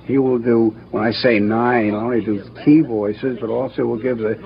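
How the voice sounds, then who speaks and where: Older man with a gravelly voice reminiscing. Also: mid-range voice, fairly even intonation, soft background music. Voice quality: brisk, anecdotal, acts out quotes. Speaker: cartoon producer and director. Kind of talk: interview, reminiscing. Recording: dull archival recording with faint hiss.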